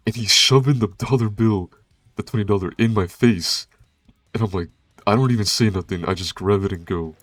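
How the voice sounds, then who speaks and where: A man's voice: low-pitched, fairly even intonation, fairly quick, no room sound, faint music behind. A young man, a pizza delivery driver, telling a casual first-person story in a laid-back, slangy way with plenty of swearing.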